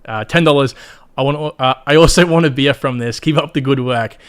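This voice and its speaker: An Australian man hosting a live stream in a loose, chatty way. He speaks straight to his viewers, blunt and often profane, at a medium pitch. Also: brisk, clean tone. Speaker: crypto livestream host. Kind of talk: casual livestream commentary.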